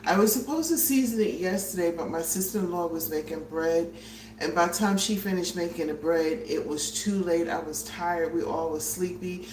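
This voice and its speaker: A woman with a lowish, somewhat dark voice speaks at a moderate pace while hosting a casual cooking livestream from her home kitchen. She's chatty and a little out of breath, greeting viewers by name as she works and using plenty of fillers. The recording sounds roomy and distant, with a faint hiss.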